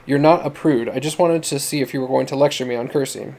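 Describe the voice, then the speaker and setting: A man's voice: medium pitch, fast, vocal fry, darkish tone, close to an everyday voice. A man reading as a bold young woman violinist. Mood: resolute. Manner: frank and resolute.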